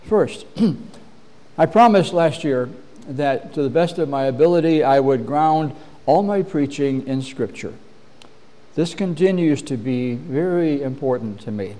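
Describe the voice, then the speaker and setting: A middle-aged man preaching a measured, earnest sermon as pastor, often clearing his throat. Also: on the high side, expressive, warm tone.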